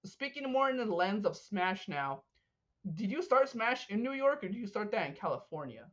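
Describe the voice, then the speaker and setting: A young man hosting a casual interview, eager and quick to laugh. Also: high-pitched, very animated, a bit bright, dull audio. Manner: eager, laughs often, lots of backchannel. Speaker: host.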